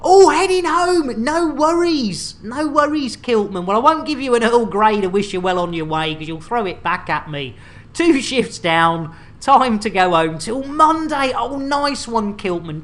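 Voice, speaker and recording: A woman hosting a game stream, joking and bantering with bawdy humour. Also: mid-range voice. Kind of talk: casual game-stream chat.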